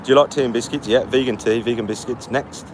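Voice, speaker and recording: A man with a medium-pitched, fairly even voice talks fast as he reads live chat aloud on a long walk outdoors by a street. He's tired from walking and fires back blunt, mocking retorts in casual stream banter. Faint street noise can be heard behind him.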